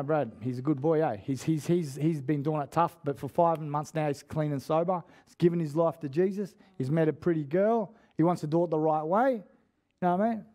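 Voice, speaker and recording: A man's voice: a little high, mellow. A man preaching a casual sermon in church, telling stories in a chatty, slangy way with lots of restarts. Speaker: guest preacher.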